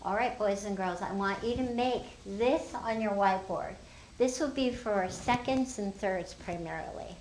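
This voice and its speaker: Older woman, teacher, upbeat and teacherly, middle pitch, echoey room. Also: measured pace, a little mellow, a little hiss or hum. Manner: upbeat, teacherly, talks to viewers as fellow teachers. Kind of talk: explaining a classroom phonics lesson. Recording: roomy echo.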